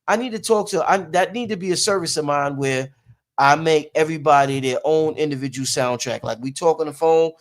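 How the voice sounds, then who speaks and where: A man talks straight to his audience in a loose, rhythmic monologue. His voice sits a bit high for a man, and he swings from loud sung bursts to low, quiet musing. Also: fairly quick. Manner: animated, sings and shouts snippets, trails off into low musing. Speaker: show host and producer. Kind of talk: casual monologue to viewers.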